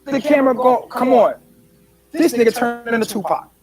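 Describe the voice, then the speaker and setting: A man's voice: extremely high pitch, expressive, moderate pace, a crowd in the background, poor audio. A man in a played clip, retelling a story in a streetwise, profane, preachy way.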